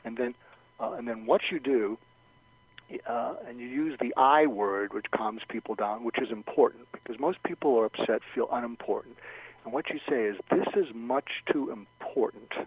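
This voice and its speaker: A man's voice: medium pitch, moderate pace, breathy edge, no room sound. A man giving conversational advice as a guest expert, thoughtful, repeating words and acting out sample lines. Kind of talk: conversational advice with acted examples. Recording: dull, lo-fi radio sound.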